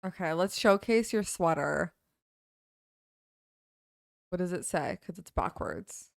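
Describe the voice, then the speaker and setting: A young woman with a smooth, clear voice pitched a little low, teasing her co-host in an easygoing podcast chat. She talks bluntly and playfully. Her voice is recorded dry and close. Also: slow pace, no room sound. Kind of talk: casual chat.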